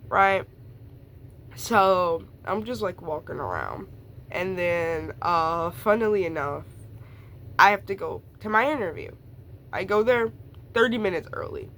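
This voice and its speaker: A woman's voice: lowish voice, a bit bright, a little hiss or hum. Rambling young woman telling a story. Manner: rambling, lots of fillers and laughs, quick asides. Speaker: vlogger telling a personal story. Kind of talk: casual storytelling.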